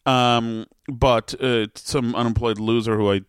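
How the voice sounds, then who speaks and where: A man's voice: mid-range voice, fairly even intonation, measured pace, clear, resonant tone, dry recording, clean studio sound. A male podcast host talking in casual, sarcastic, teasing banter.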